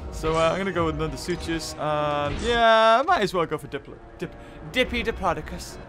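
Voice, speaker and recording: A man's voice: a little high, expressive, normal speed, over music. A nasal man hosting a gaming channel, short on sleep, chatting and ranting animatedly while he plays. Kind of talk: casual gaming commentary.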